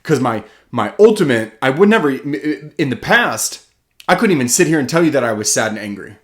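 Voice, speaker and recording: A man giving a heartfelt motivational talk as an author, earnest and self-questioning, his voice swinging from loud and pressing to hushed and slow. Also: mid-range voice, big pitch swings.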